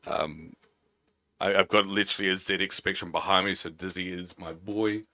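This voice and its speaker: A man's voice: deep voice, steady tone, normal speed, creaky, bright, forceful tone. A man from New Zealand with a Kiwi accent, chatting playfully as a game streamer on a live stream. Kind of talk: casual live-stream chat.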